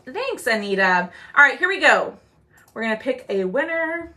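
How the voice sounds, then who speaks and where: High-pitched, very animated and sharp in tone, a woman chats casually with viewers on a livestream. She's demonstrating a craft during a live sale, and her talk is loaded with "um"s and long "y'all"s.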